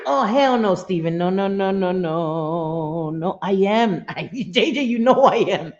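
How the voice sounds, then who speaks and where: A middle-aged livestream host talks slowly in a mid-range voice with lively intonation, chatting casually with viewers at home. Chatty and swearing, she laughs often and reads the chat aloud. The recording is roomy, dull lo-fi stream audio.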